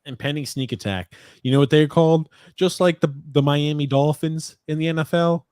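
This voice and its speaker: A man's voice: on the high side, moderate pace, a little mellow, clear, resonant tone, no echo, clean studio sound. A young man hosting a casual sports chat, joking and bantering with his father and brother. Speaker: podcast host.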